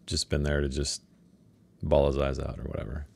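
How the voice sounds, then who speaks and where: A man's voice: extremely low pitch, completely flat delivery, moderate pace, gravelly, slightly rough, no room sound. A man appearing as a guest on a casual book discussion, often laughing and asking questions. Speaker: podcast guest.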